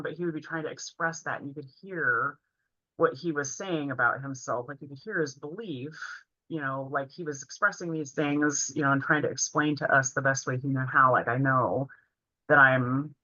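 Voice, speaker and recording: A woman's voice: low voice, pushed and bright, no room sound. A woman in her forties telling a heartfelt personal story in an earnest way while presenting a training session. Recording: dull, lo-fi, dry sound.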